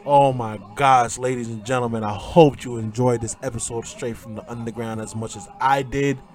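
Speaking at a normal speed in a mid-range voice, a man hosting a podcast relives a wrestling match. His excited, shouted play-by-play gives way to a quiet, tearful, choked-up delivery.

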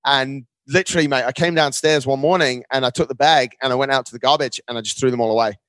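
A male guest recounts his story with animated energy, dropping "mate" into nearly every sentence. His voice sits in a middle register. The recording is dry and close, with no room sound. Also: medium pitch, fast talker, dry recording. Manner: animated, often says "mate". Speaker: podcast guest. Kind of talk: casual storytelling conversation.

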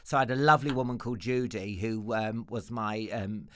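A man, a comedian guest telling stories in a camp, animated way during a podcast interview. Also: brisk, a little hiss or hum. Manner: camp, animated storyteller who breaks into high put-on voices. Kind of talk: casual interview chat.

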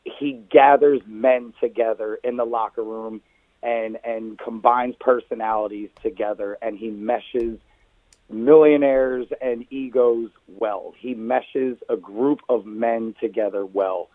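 A man's voice: mid-range voice, fairly even intonation, slow pace, no room sound, narrow, tinny audio. A man who is a guest on a casual sports podcast gives blunt opinions and folksy sayings, often calling the host brother.

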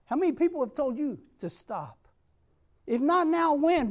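A man's voice: very high-pitched, moderate pace, darkish tone. A man preaching a sermon, repeating a refrain and asking the congregation for amens. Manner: tells a Bible story with acted-out quotes.

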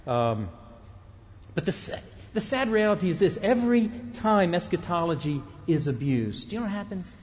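Middle-aged male preacher, casual and joking, stumbles and restarts, somewhat high-pitched, muffled sound. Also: big pitch swings, normal speed, a little mellow, a little hiss or hum. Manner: conversational and humorous, with frequent self-interruptions. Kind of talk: sermon.

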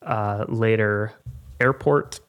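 A man's voice: lowish voice, slow pace. Chatty man reading out quiz questions. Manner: reads questions, chatty and self-mocking, many fillers. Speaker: quiz host. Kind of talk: casual trivia quiz podcast.

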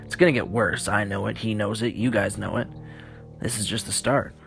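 A man's voice: on the low side, fairly even intonation, moderate pace, creaky, a bit bright, faint music behind. A man voicing a cruel, crude male survivor who snarls taunting threats in a horror audiobook. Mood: menacing.

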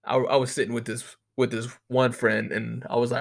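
A man's voice: medium pitch, moderate pace, gravelly. An American man doing a comedic monologue, telling rambling stories and ranting with constant profanity. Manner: profane, animated, rambling storytelling.

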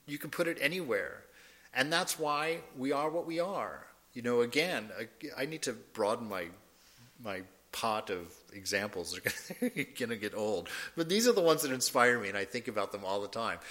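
A man's voice: medium pitch, pushed and bright. A man giving an informal spiritual talk, conversational and laughing often as he acts out little quoted voices. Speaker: spiritual teacher.

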